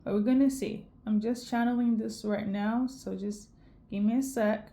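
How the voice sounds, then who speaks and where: A woman's voice: on the high side, fairly even intonation, normal speed, dark tone. A tearful woman giving an intuitive tarot reading to camera, emotional and tagging "okay?" onto her lines. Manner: emotional, repeats "okay?" often. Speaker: tarot reader.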